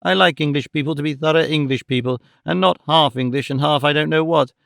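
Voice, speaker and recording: A man's voice: a little high, brisk, creaky, fairly bright tone, no echo, studio quality. A man voicing a fussy, scatterbrained middle-aged mother who talks emphatically and exclaims often.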